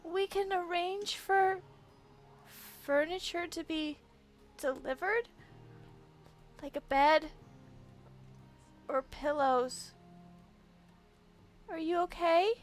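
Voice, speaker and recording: A woman's voice: extremely high pitch, very slow, pauses often, soft background music, pitched above the performer's own voice, exaggerated voice. A woman voicing a timid, anxious young servant who stammers politely in a tabletop game. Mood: worried. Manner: hesitant, stammering.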